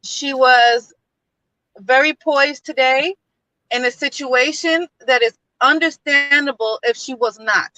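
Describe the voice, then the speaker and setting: Outspoken high-voiced New woman. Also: slow pace, pushed and bright, dry recording, low-quality recording. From New York, Bronx. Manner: outspoken, blunt, repeats herself. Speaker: guest. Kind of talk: casual live-stream chat. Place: in a car, driving.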